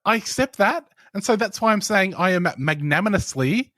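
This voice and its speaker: Australian man, podcast host, slightly high, dry close mic, rambling jokey stories. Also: animated, normal speed, bright, forceful tone, dry recording. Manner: joking, rambling storyteller. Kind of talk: casual chat.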